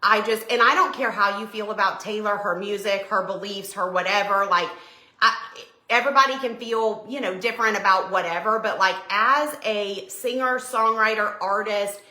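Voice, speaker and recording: A middle-aged woman hosting a crafting livestream, chatting excitedly with viewers as she works. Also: mid-range voice, normal speed. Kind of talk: casual live chat while crafting. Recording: echoey room.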